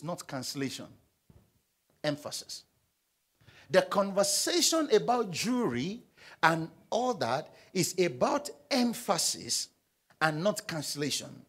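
Man preaching in church, high voice, animated pitch, call-and-response questions. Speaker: pastor. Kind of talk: sermon.

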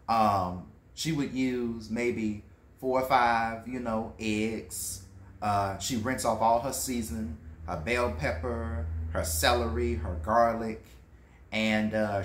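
A man rambles on in a casual, emphatic monologue, full of fillers and asides. His voice sits a little low. The sound carries a noticeable room echo. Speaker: food vlogger. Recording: echoey room.

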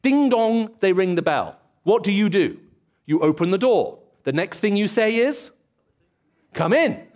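High-voiced man preaching a sermon. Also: lively intonation, moderate pace, darkish tone. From England. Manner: storytelling, acts out dialogue and voices. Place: church.

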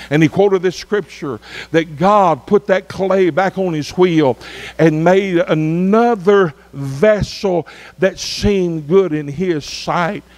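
Middle-aged pastor with a high voice, preaching a revival in drawn-out emphatic phrases. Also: male voice. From Arkansas. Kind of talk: revival sermon.

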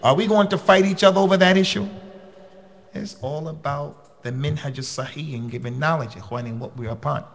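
A male preacher lecturing his congregation in a blunt, conversational way. His voice sits a little high for a man, and it leaps upward whenever he stresses a point. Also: brisk, vocal fry. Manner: emphatic, with sudden rises in pitch. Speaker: preacher and khatib.

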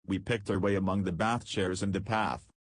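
A man reading a story aloud as an audiobook narrator, with a measured storytelling delivery. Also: low-pitched, fairly even intonation, no room sound. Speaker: audiobook reader. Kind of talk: scripted narration.

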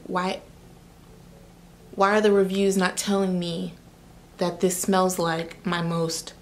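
Young woman beauty vlogger, slightly low voice, chatty and sassy, faint room hum behind. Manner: chatty, animated, sassy asides. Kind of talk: casual try-on review.

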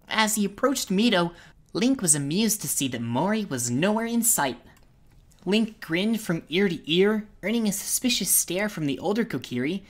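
A woman narrating a fan-made storybook audiobook with even storytelling. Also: medium pitch, normal speed.

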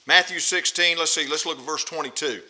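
A man's voice: a little high, a little fast, sharp tone, rough recording. A man preaching a sermon, emphatic and repetitive, who presses his points with rhetorical questions. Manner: emphatic, repeats phrases, asks rhetorical questions.

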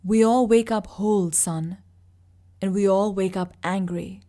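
A woman voicing a calm, fatherly old man. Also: mid-range voice, natural voice. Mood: somber. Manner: quiet, slow and steady.

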